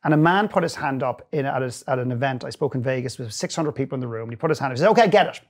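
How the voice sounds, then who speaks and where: A man's voice: mid-range voice, rapid-fire. A middle-aged man, a guest and inspirational speaker, telling stories earnestly in a long interview, often restarting his sentences. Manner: earnest, animated storytelling with frequent restarts. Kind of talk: storytelling in a long-form interview.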